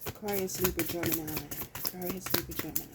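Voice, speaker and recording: A woman's voice: lowish voice, fairly even intonation, quick pace, heavy background noise. A woman giving a casual, profane tarot reading, talking loosely to herself as she pulls cards. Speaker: tarot reader.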